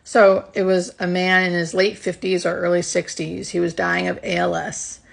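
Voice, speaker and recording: A woman's voice: on the low side, flat delivery, moderate pace, vocal fry. A woman who works as a hospice nurse, earnestly telling a personal work story in a casual way, close to tears.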